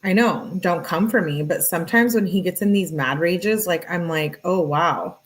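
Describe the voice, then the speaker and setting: The recording is rough, and the woman speaks fairly low at a moderate pace. She gives earnest, emphatic true crime commentary as she reads texts, chatting casually and filling her talk with "like."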